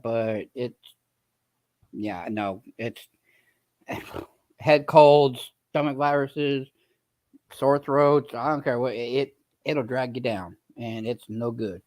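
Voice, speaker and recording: A man hosting a casual livestream chat, greeting viewers by name, tired and in pain. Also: mid-range voice. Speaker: livestream host.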